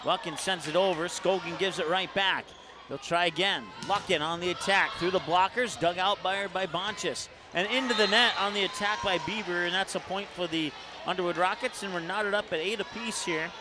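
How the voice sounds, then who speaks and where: High-voiced man calling volleyball. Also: steady tone. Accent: Upper Midwest American. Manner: rapid calls that rise to shouts on big plays. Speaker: play-by-play announcer. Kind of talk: high school volleyball play-by-play commentary. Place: school gym. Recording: noisy gym broadcast.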